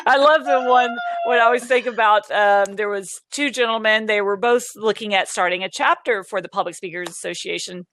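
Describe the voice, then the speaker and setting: A woman hosting an online talk show, telling stories in an animated way and laughing often. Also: mid-range voice, normal speed, no echo. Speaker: host of an online speakers' show. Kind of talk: casual chat.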